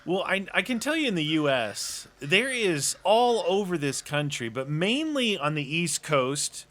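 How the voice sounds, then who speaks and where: A man's voice: high voice, sing-song, unhurried, fairly bright tone. An American man chatting casually as co-host in an easygoing, rambling way. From United States. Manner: easygoing, rambling, chuckles often. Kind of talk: casual chat.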